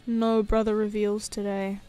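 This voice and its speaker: A woman's voice: mid-range voice, level tone, a little slow, warm tone, clear, resonant tone. A young woman chatting casually on a live stream while she draws, playful and giggly, sometimes slipping into a cooing baby voice. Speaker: livestreamer. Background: faint music.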